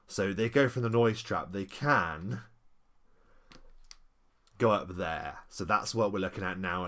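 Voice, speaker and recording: A man's voice: low-pitched, fairly bright tone. A man chatting casually on a live stream, reading an old game module and answering his chat politely. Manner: chatty, rambling, apologetic, polite.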